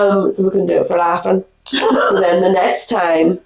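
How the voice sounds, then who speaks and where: A woman co-hosting a podcast, telling stories in a chatty, animated way, a little under the weather from a cold. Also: lowish voice, moderate pace, vocal fry. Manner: chatty storyteller, animated quoting. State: recovering from a cold. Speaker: podcast co-host. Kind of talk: casual chat. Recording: echoey room.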